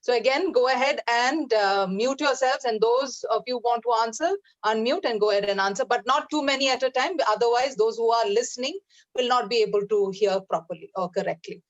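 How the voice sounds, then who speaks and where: A woman's voice: a little high, fairly quick, no room sound, highs cut off. A woman moderating an online class, speaking casually with hesitant fillers.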